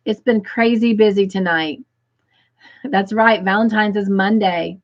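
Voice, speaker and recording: A woman hosting a crochet live stream, reading viewer comments aloud and gushing with excitement. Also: medium pitch, a little slow, dull audio.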